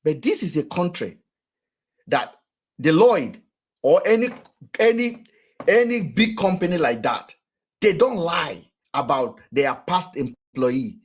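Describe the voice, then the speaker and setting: Husky Nigerian man, animated and high-pitched. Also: slow. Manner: animated, rhetorical, acts out quotes. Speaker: vlogger and commentator. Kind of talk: casual commentary.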